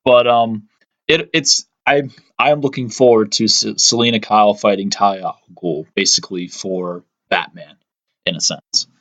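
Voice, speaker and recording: A man's voice: on the low side, steady tone, moderate pace, a bit bright, rough recording. A man co-hosting a comic book podcast, speaking hesitantly with frequent "um" and "basically". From Pennsylvania, US. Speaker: podcast co-host. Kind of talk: casual chat.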